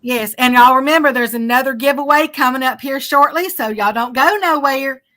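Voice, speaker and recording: A woman, a bit hoarse, hosting a casual livestream and chatting along with many fillers as she thanks viewers. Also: high-pitched, moderate pace, a bit bright. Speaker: livestream host.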